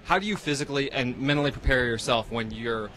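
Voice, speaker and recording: A man's voice: medium pitch, fast talker, noisy background. Man interviewing at a convention. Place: convention venue.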